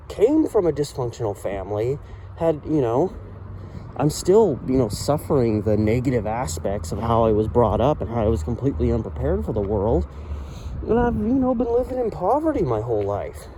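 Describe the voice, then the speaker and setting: A man's voice: fairly high pitch, darkish tone. A man vlogging as he walks city streets at night, ranting heatedly with lots of "you know" fillers. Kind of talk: casual walking vlog monologue. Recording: street noise with passing traffic. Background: traffic and urban ambience.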